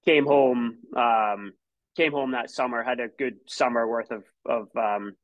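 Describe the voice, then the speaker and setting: A man's voice: mid-range voice, steady tone, measured pace, dry recording, poor audio. A Scottish man in his thirties, a former college runner, telling stories casually in an interview, with many restarts and fillers. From Scotland.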